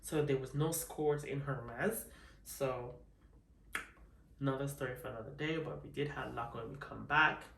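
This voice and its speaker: A woman's voice: a bass voice, normal speed, gravelly, fairly bright tone, slight background noise. Sassy woman vlogger, roomy distant sound. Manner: sassy and flamboyant, calls viewers honey. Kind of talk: casual unboxing chat.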